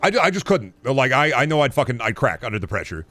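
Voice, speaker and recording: A man's voice: big pitch swings, fast talker, soft background music. A man streaming a game, rambling in goofy bits and swearing freely as he plays. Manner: rambling, goofy, swings to loud high bits. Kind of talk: casual gameplay commentary.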